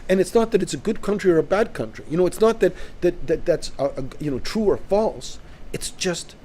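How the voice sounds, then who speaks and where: Co-host type: man from Canada, high, mellow voice, emphatic and repetitive in argument. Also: animated, brisk, a little hiss or hum. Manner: emphatic, repeats himself while building a point. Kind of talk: casual discussion.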